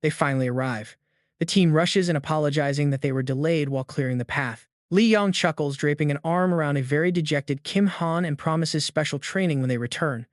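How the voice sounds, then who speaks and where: A man narrating a comic recap in a dramatic, even-paced storytelling manner. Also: fairly high pitch, brisk, no room sound, studio quality.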